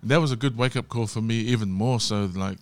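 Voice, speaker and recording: A man's voice: medium pitch, a little fast, clear, resonant tone, dry recording, faint music behind. A man, a guest singer, talking earnestly in casual chat, often asking "you know what I mean". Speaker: guest, singer and worship leader.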